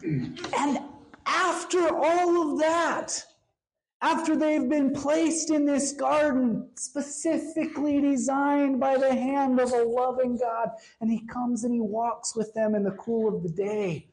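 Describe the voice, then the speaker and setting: A woman preaching an expressive sermon, slowing down for emphasis and sometimes dropping to a hush. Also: fairly high pitch.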